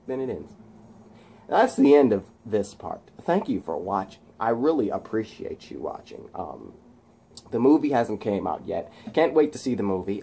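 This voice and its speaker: Husky, mellow-voiced man retelling a story. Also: lowish voice. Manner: excited, rambling, with sound effects. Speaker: fan storyteller. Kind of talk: casual retelling of his own fan story.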